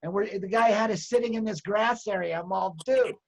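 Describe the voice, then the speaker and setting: A man's voice: high voice, brisk, vocal fry. A man telling a story in casual, profane group chat, acting out the people he quotes. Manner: profane, animated, acts out quoted voices.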